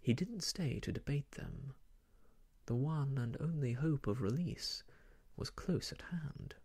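A man narrates an old novel in a soft ASMR hush, his delivery unhurried and drawn out. His low tones carry a gravelly rasp and an airy, husky texture. He sits close to the microphone, many phrases slipping into a near-whisper. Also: lively intonation. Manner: hushed, half-whispered reading. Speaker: storyteller.

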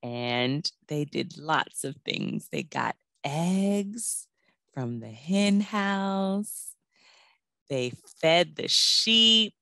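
Slow sing-song woman teaching preschoolers. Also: sits low, lively intonation, pushed and bright, no room sound. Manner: slow, sing-song, coaxing children to repeat words. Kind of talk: teaching a children's class with songs.

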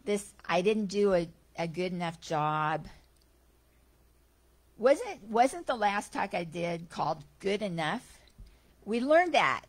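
A woman giving a Sunday spiritual talk, telling stories in a chatty, animated way. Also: mid-range voice, slow pace, pauses often. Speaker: guest speaker at a spiritual center.

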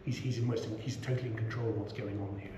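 A man's voice: on the low side, fairly even intonation, fast, muffled recording. Chatty middle-aged man teaching scripture. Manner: chatty, many asides and "you know". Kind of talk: relaxed class discourse. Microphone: small action camera. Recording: roomy room, faint background hum.

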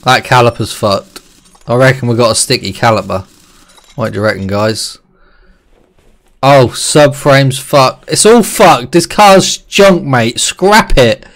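A man with a medium-pitched voice speaks at an unhurried pace. He's a streamer doing loose live gameplay commentary, excitable and chatting with his viewers while swearing a lot.

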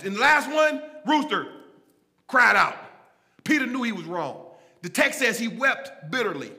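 A man preaching a sermon in a church, animated and folksy, calling out to the congregation and swinging between shouts and low asides. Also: measured pace, long reverb tail. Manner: casual, folksy phrasing. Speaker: pastor. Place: church sanctuary.

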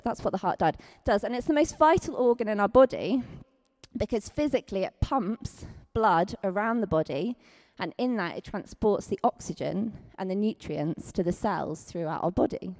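A woman with a Scottish accent preaching a chatty, lively sermon, acting out quotes with big leaps in pitch.

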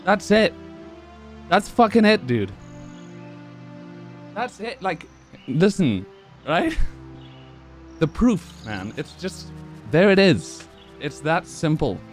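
A young man streaming live, excited and out of breath from laughing, swearing freely as he celebrates. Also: high-pitched, slow pace, long pauses, soft background music. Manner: excited, profane, laughing between lines. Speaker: speedrun streamer.

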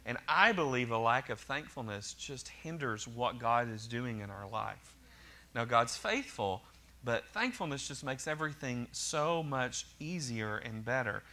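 A bright, forward-voiced man from Oklahoma preaches to his congregation. He talks in an easy, conversational way, often restarting sentences and dropping in joking asides. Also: medium pitch, animated, measured pace. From Oklahoma, USA. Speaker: pastor. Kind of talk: sermon.

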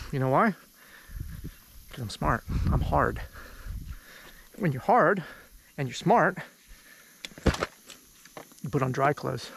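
A man's voice: medium pitch, vocal fry, slight background noise. A Canadian man vlogging outdoors in a rainforest, joking and boastful, rambling in casual chat.

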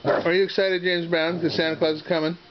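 A man's voice: a little high, flat delivery, fairly quick. A man talking to his pet dogs in playful, coaxing baby talk on a home video. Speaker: dog owner filming his pets. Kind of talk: home video chatter to pets. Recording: muffled home video with background noise.

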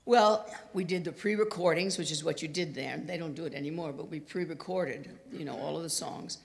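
A woman's voice: sits low, fairly quick, vocal fry. A woman in her eighties giving a chatty talk full of anecdotes, acting out the quoted lines of people in her stories. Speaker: guest speaker. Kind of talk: storytelling talk. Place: university lecture hall. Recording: reverberant hall.

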